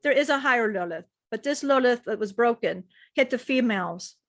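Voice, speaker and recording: A woman telling a spiritual story in slow, repetitive storytelling while speaking as a male being she channels. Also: a little high, lively intonation, no echo, studio quality.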